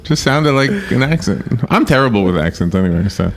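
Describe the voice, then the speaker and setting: A man's voice: mid-range voice, big pitch swings, fairly quick. A man hosting a casual call-in radio show, chatty and laughing at his own stories.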